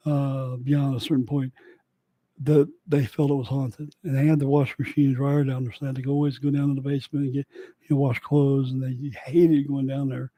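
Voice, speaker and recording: Man, rambling personal storytelling, gravelly, dry close sound. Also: mid-range voice, warm tone, dry recording. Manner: rambling, digressive. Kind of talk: casual personal storytelling monologue.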